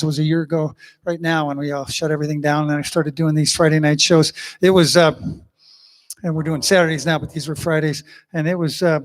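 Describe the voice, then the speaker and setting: Folksy man chatting between songs. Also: on the high side. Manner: rambling, folksy, full of fillers and asides. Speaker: singer-songwriter hosting an online concert. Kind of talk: casual chat between songs. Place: living room at home. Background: guitar.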